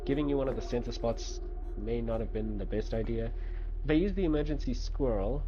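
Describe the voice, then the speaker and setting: A man streaming a card game, thinking aloud and reacting quickly in casual commentary. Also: medium pitch, dull audio. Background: game music.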